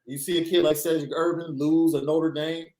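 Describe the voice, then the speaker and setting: A man's voice: a little high, level tone, moderate pace, darkish tone. Agreeable man co-hosting a sports podcast. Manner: brief agreeing interjections. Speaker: podcast co-host. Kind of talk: casual sports talk show.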